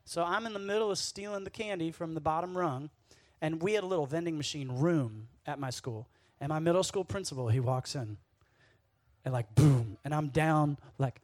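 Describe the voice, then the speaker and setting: Young male youth speaker, high-ish and dry, sweaty and worked up, chatty sermon full of asides. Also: a little fast, no room sound. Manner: energetic, jokey storytelling with asides to the audience.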